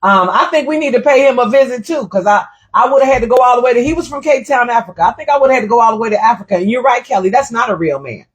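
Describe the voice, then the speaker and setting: A middle-aged woman hosting a casual livestream, telling a story in an animated, indignant way and reading viewer comments aloud. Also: a little high, fast, hardly any pauses. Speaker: livestream host.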